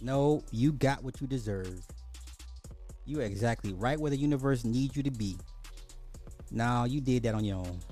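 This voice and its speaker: A man's voice: mid-range voice, normal speed, pauses often, warm tone, soft background music. A man hosting a podcast, delivering a profane, mocking rant of social commentary and apologizing as he goes. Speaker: podcast host.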